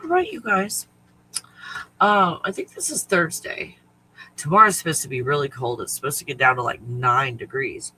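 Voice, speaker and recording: A man's voice: fairly high pitch, lively intonation, moderate pace, pushed and bright, a little hiss or hum, rough recording. A man hosting a casual spiritual livestream, talking in a rambling, profane way and often laughing. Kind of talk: casual chat to viewers.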